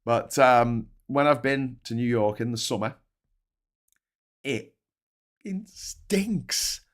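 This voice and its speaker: A man's voice: mid-range voice, steady tone, slow, clear, resonant tone. British guy rambling on his live stream, stops and restarts a lot, swears now and then. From Britain. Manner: rambling, many restarts and asides, swears casually. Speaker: host of a live stream show. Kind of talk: casual live-stream chat.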